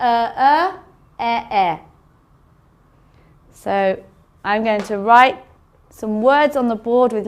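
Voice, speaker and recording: A woman teaching an English phonics lesson, sounding out words slowly and carefully for learners. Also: on the high side. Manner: slow, careful enunciation of sounds.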